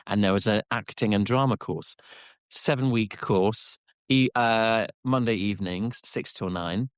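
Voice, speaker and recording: Man, podcast co-host, low voice, rambling casual chat, dry close sound. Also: unhurried, smooth, dry recording. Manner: rambling storyteller, many fillers and restarts.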